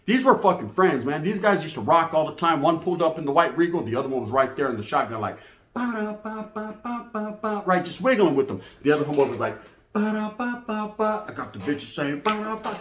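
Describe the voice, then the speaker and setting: A man telling street stories in a slang-heavy, profane, animated monologue. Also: on the high side, fast talker, hardly any pauses. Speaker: storyteller host. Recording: echoey room.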